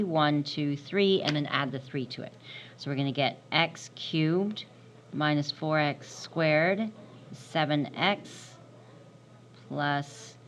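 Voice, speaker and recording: A woman teaching a math lesson, repeating and stressing key terms and often checking in with "right?". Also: sits low. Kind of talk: recorded classroom math lesson.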